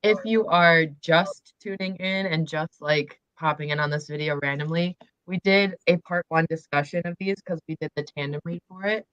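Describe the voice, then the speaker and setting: A young woman hosting a casual livestream book discussion, slightly croaky as she loses her voice, chatty and full of fillers. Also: low voice, normal speed, hardly any pauses, a bit bright, dry recording, highs cut off. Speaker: booktube host.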